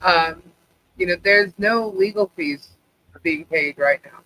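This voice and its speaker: A man's voice: high-pitched, slow, sharp tone, dry recording, poor audio. A man hosting a live stream chat, chatty and chuckling, often adding "you know what I mean". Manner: chatty, chuckling, asks rhetorical questions. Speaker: host.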